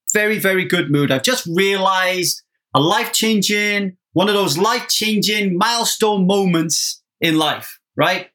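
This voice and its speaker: A man hosting a sober-living podcast, talking in an energetic, casual monologue that is full of swearing and quick "right?" asides. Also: high-pitched, soft background music. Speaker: podcast host.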